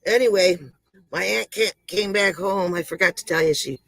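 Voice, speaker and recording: A man's voice: high voice, normal speed, creaky, bright, forceful tone, dry recording, poor audio. A man hosting a comedy livestream, telling corny jokes to his chat, laughing at them and poking fun at himself. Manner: laughs at his own jokes, self-deprecating. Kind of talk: telling one-liner jokes to a live chat.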